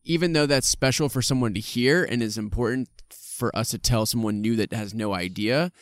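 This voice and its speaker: A man speaking as a podcast guest, relaxed and reflective, often searching for words, recorded outdoors in a park. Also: mid-range voice, moderate pace, no room sound. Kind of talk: casual podcast chat. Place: outdoors in a park under a tree.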